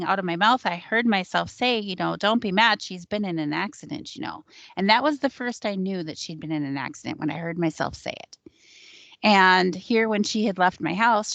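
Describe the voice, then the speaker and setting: Low-voiced woman telling a personal story. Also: gravelly, fairly bright tone, no echo. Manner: conversational, with frequent ums and likes. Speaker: psychic sharing her experiences on a panel show. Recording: dull lo-fi sound, dry.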